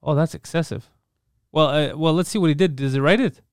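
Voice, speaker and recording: A man talks quickly and bluntly in a casual podcast chat. His voice is a little high and clear, and he keeps cracking jokes and asking questions. The sound is dry and close. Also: no room sound. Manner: fast, joking, blunt, swears. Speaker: podcast co-host.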